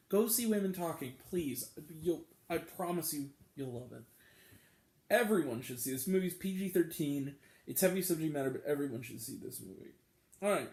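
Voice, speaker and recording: Chatty, animated male movie reviewer. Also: a little high, reverberant. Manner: chatty and enthusiastic, with bursts of swearing. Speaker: movie review channel host. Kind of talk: casual talk-to-camera review vlog.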